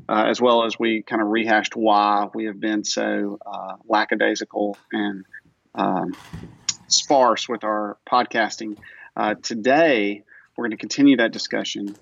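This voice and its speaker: A man's voice: fairly low pitch, gravelly, dry recording, dull audio. A sleepy man co-hosting a casual podcast early in the morning, teasing dryly and using many fillers. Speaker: podcast co-host.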